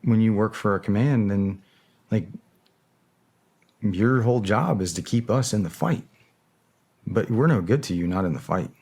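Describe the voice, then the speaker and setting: A middle-aged man as an interview guest, talking candidly and reflectively, often pausing to search for words. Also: lowish voice, lively intonation, darkish tone, husky. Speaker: interview guest, former special operator. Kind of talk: candid long-form interview talk.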